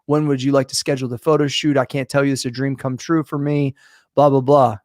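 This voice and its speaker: A man co-hosting a podcast, telling a story in a profane, animated, casual way. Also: mid-range voice, brisk, no room sound, clean studio sound. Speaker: podcast co-host. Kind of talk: casual chat.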